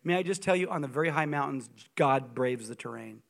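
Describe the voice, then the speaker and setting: A man preaching as a guest speaker, telling stories in an animated, humorous and emphatic way. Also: mid-range voice, a little fast, creaky. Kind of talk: sermon.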